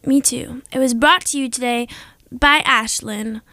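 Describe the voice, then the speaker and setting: A young woman co-hosting a radio show, chatting casually and gushing with excitement over the facts she shares. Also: a little high, a little slow, no room sound. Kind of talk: casual on-air chat.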